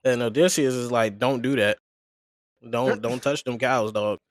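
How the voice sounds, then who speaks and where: A podcast co-host in a mid-range, unhurried voice animatedly recounts a story, slipping into slang to act out what people said. It's studio-quality audio with no room sound.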